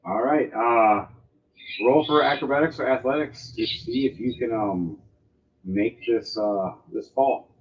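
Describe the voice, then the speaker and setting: A man narrating as game master of a tabletop game, lively and full of sound effects. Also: medium pitch, unhurried, muffled recording, slight background noise.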